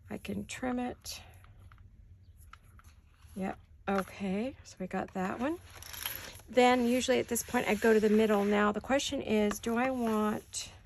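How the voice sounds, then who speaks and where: A woman's voice: mid-range voice, creaky, a little hiss or hum. A woman hosting a craft video from her home studio, chatting and thinking aloud as she works, with the hiccups. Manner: chatty, thinks aloud while working, asks viewers questions. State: has the hiccups. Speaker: craft channel host. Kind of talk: casual craft-along chat.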